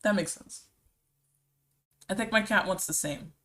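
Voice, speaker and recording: A woman's voice: medium pitch, a little slow, bright, forceful tone. A young woman streaming live as an illustrator, chatting casually and rambling through answers to chat messages while she draws. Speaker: art streamer.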